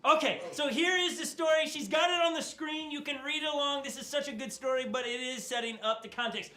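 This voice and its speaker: Animated joking male pastor, high voice. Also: fairly quick, hardly any pauses, roomy sound. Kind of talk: casual sermon. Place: church stage.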